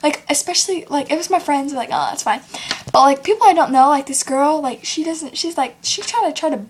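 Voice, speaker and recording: A teenage girl ranting casually to camera in a vlog, full of "like" and quick quoted voices of other people. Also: sits high. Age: teens. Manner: chatty, lots of "like", acts out others in quotes. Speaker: vlogger.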